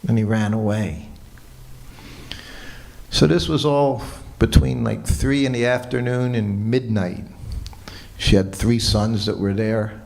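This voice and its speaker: A man giving a morning lecture at a temple, telling a personal story in a relaxed way and quoting what people said. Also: lowish voice, takes it slowly, gravelly, pauses often. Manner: relaxed anecdotal storytelling with quoted dialogue. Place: temple hall.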